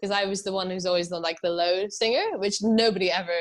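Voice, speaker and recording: A woman's voice: mid-range voice, fairly even intonation, fast talker. Chatty young British woman. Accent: British English. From England. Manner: chatty, rambling with many fillers and laughs. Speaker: musician guest. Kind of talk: casual interview chat.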